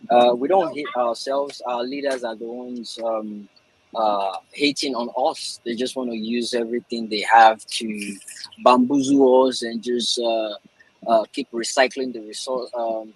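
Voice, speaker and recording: A man's voice: mid-range voice, fairly even intonation, moderate pace, slightly rough, no echo, rough recording. A man hosting a live online audio discussion, talking with many hesitations and fillers. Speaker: host of an online audio room. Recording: faint hiss and clicks.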